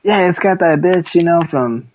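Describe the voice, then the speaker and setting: A man's voice: on the high side, moderate pace, muffled recording. A man co-hosting a casual podcast, joking and teasing his friend, rambling with fillers. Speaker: podcast co-host. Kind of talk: casual chat.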